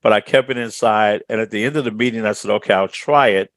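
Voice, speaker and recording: Low-voiced confident man telling his story. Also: quick pace, fairly bright tone, no room sound. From Chicago, USA. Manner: confident storytelling, short rhetorical questions. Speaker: guest speaker and trainer. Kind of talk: interview answers.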